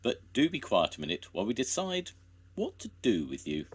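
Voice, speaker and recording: A man's voice: medium pitch, huge pitch swings, moderate pace, slightly rough, voice pushed up. A man voicing a cheerful, bossy engine driver in a storybook, with raised, hearty calls.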